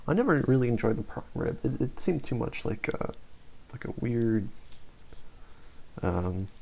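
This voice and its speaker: A man's voice: mid-range voice, vocal fry, darkish tone, breathy edge. A young man hosting a podcast, rambling through a casual tier-list chat with lots of swearing, restarts and fillers. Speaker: podcast host.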